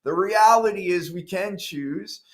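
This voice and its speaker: A middle-aged man speaks with a fairly high, light voice. He tells his story earnestly as a talk-show guest. He gets animated and acts out the things he once said to himself. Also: unhurried. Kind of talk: interview storytelling.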